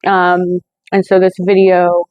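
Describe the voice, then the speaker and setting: A woman's voice: on the low side, completely flat delivery, slow pace, darkish tone, no echo, poor audio. A woman hosting her own movie review channel, talking in a chatty way with lots of fillers and self-corrections. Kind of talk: casual scripted review.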